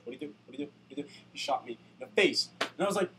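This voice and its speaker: Fast-talking, ranting young man. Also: mid-range voice, expressive. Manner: ranting, shouting bursts, sarcastic. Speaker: storyteller. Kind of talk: comic rant. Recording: distant mic with faint noise.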